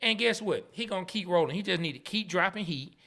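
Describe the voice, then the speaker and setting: A man from Atlanta, co-hosting a casual sports and culture podcast, laughing often and repeating words when excited. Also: high-pitched, quick pace, creaky. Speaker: podcast co-host.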